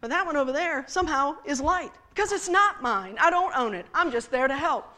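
Bright-voiced, high-pitched preacher woman. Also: expressive, a little fast. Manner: playful, teasing, addressing the congregation directly. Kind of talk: sermon with props.

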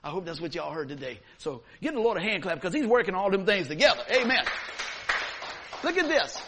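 A man preaching a sermon, telling a story with lively, acted-out moments. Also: sits high, brisk, noisy background. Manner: animated storyteller, acts out scenes. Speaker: pastor.

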